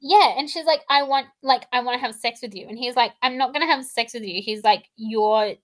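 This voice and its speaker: A woman's voice: a little high, brisk. A young woman retelling a story in casual chat, giggly and full of "like". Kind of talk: casual book discussion chat.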